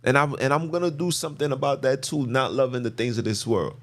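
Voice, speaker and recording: A man's voice: medium pitch, quick pace. A man hosting a podcast, preaching on scripture in an emphatic, slangy way, repeating phrases for stress. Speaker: podcast host.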